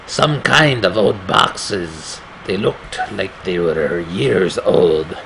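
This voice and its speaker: A man putting on a strained, raspy voice to read a game's horror narration slowly and grimly. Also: low-pitched, animated, a bit bright, a little hiss or hum, exaggerated voice, low-quality recording. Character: gravelly grown man narrating his own horror story.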